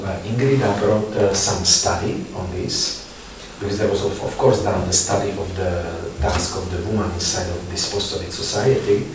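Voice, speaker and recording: A man speaking English as a non-native, presenting research in a panel discussion, halting with many fillers and restarts. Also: on the low side. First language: not English. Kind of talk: discussion talk. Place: theatre space. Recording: echoey room, distant mic, background noise.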